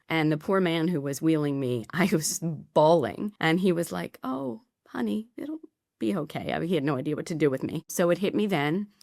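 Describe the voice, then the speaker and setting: A middle-aged woman, a podcast guest, telling a personal story candidly with quick asides. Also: deep voice, a little mellow, dry recording, clean studio sound.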